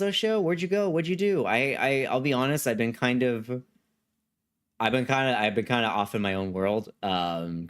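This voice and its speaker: A man streams a video game live in a slightly bright voice that sits on the low side. He reads viewers' chat messages and chats loosely and ramblingly, often saying the same things again.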